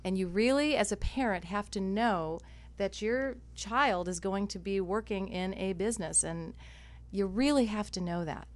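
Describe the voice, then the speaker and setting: A woman's voice: mid-range voice, normal speed. Female radio guest, bubbly and chatty, from Southern California, mid-range voice. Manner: bubbly, laughs easily. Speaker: guest, dialogue coach. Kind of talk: radio interview.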